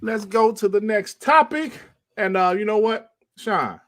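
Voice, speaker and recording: A man's voice: high-pitched, expressive, measured pace, a bit bright, no echo. A man hosting a casual gaming podcast over a call, loose and profane, often calling others bro. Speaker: podcast host. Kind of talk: casual chat.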